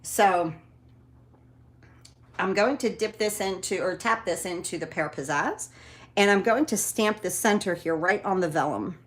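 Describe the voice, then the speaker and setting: A chatty woman walks viewers through a card-making project at her craft table. She talks in a relaxed, encouraging way, dropping in fillers as she goes. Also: fairly low pitch, unhurried. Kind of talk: casual craft tutorial.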